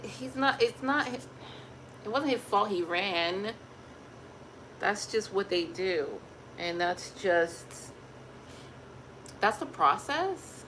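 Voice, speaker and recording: A woman's voice: mid-range voice, slight background noise, low-quality recording. Chatty woman vlogging to camera. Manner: animated, chatty, laughs and talks to viewers. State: pregnant. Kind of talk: casual chat to camera.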